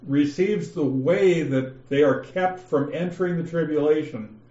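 Casting: unhurried male Bible teacher, dark mellow tone, echoey muffled call audio. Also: a little high. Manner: slow, methodical, reads passages aloud with emphasis. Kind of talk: scripture lesson over an online call.

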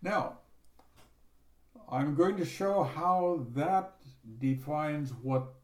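Slow, measured male Bible teacher. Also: fairly high pitch. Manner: measured, explanatory, reads scripture aloud with stress on key words. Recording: echoey room.

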